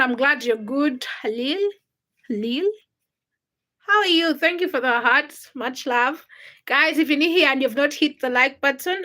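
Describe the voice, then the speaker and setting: A woman from Uganda hosts a casual livestream from her home, chatting easily and greeting viewers one by one. Her voice sits high and sounds bright. She reads out comments and answers them as they come in. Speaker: livestream host.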